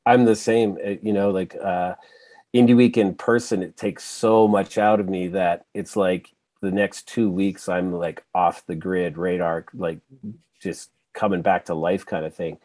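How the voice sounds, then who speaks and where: Man, podcast host, low voice, dry sound, chatty anecdotes, fillers, video call. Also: fairly even intonation, a little slow, darkish tone, dry recording. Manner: chatty anecdotes, filler-heavy, laughs easily. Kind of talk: casual conversational interview.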